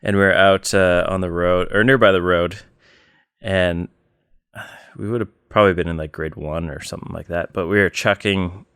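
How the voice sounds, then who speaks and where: A podcast co-host with a very low, resonant, smooth, slightly bright voice tells stories in a casual chat, plain and unhurried in a steady tone. He fills pauses with lots of "um" and "like." The sound is close and dry, without echo.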